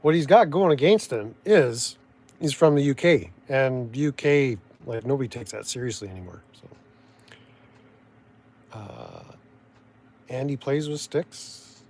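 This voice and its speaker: A man's voice: medium pitch, expressive, measured pace, pauses often, a little mellow. Rambling sardonic Canadian man. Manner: meandering, sardonic, full of restarts and trailing thoughts. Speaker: vlogger. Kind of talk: rambling casual commentary.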